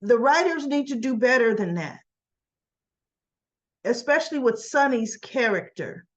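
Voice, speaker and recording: A woman's voice: on the high side, animated, measured pace. A woman casually recapping a soap opera episode, opinionated and chatty, with frequent asides.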